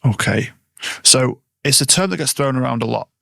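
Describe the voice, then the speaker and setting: Male host, gravelly, reflective storyteller, dry close mic. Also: mid-range voice, expressive, bright, forceful tone, dry recording. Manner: reflective, anecdotal, drawn-out phrasing. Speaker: podcast host. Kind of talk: conversational interview.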